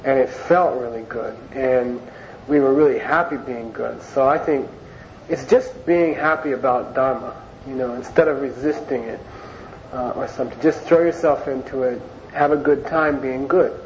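A man teaching an informal Buddhist class in a chatty, unhurried way, restating key words so they sink in. His voice sits in a middle range. The recording is muffled and lo-fi, with a soft hiss underneath. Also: medium pitch. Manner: conversational, repeats words and phrases for emphasis. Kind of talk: informal Dharma class lecture. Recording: dull lo-fi recording with faint hiss.

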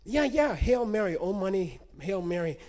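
Brief: a man doing a soothing priest, mellow voice, a bit high. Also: very animated, normal speed. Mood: reassuring. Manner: soothing, explaining tone. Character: calm, reassuring male Catholic priest.

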